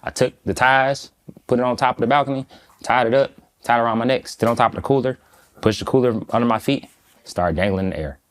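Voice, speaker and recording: A man from Michigan, a guest in an interview, recounting a personal story in a slow, halting, reflective way with many pauses. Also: mid-range voice. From Michigan, USA.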